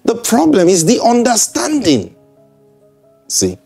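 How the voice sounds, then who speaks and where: A man's voice: very high voice, huge pitch swings, takes it slowly, vocal fry, mellow, slightly rough, faint music behind. A man preaching in a broadcast sermon. He speaks conversationally, repeats himself and checks in with listeners.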